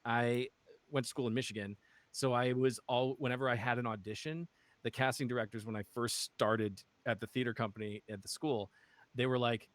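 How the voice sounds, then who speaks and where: A man's voice: medium pitch, fairly even intonation, a little fast, a bit bright, no room sound. Man, from western Massachusetts, podcast guest, rambling, restarts, laughs, dry close sound. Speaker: guest, actual play streamer. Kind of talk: casual chat.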